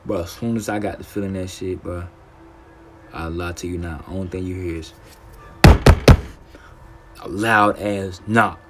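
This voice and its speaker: A man's voice: low-pitched, fairly even intonation, a little fast, loud music behind the voice. A young man telling a rambling, profane story while playing a game, with stutters and restarts. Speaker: gaming streamer. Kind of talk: casual storytime over gameplay.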